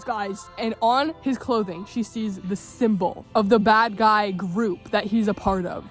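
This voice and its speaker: A woman's voice: mid-range voice, measured pace, few pauses, faint music behind. A woman casually recapping a story, rambling with many fillers and exclamations.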